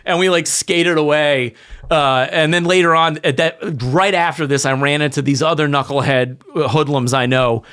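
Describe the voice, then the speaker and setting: A man, telling lively stories as a podcast guest and acting out what people said. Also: on the high side, normal speed, clean tone. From New York. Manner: animated storyteller acting out quotes, many fillers. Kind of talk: casual storytelling chat.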